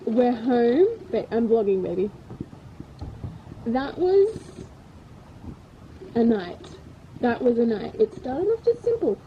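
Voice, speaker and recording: A woman chatting casually to a handheld camera as a travel vlogger, upbeat and quick to laugh. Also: a little high, very animated, highs cut off, slight background noise. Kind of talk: casual vlog chat.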